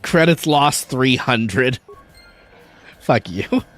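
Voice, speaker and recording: A man's voice: medium pitch, animated, very slow, fairly bright tone, faint music behind. A man chatting casually and jokingly on a gaming livestream, swearing and talking to his viewers. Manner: chatty, jokey, swears and laughs easily. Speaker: streamer.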